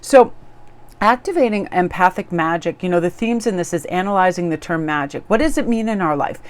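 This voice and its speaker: A woman's voice: fairly low pitch, a little fast. A woman tarot reader chatting casually to her viewers in a bubbly, gushing way. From Korean heritage, living in New England.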